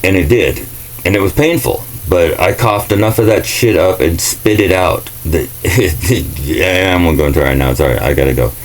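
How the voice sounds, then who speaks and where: Low-voiced man in a profane rant. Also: normal speed, slight background noise, rough recording. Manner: ranting, profane, sarcastic. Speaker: vlogger. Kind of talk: casual monologue rant.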